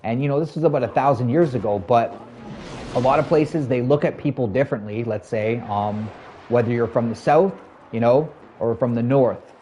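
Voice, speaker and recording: A man's voice: mid-range voice, normal speed, warm tone, a little hiss or hum. A man in his thirties chatting casually to his stream viewers, rambling loosely with lots of "like" and "you know". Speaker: live streamer.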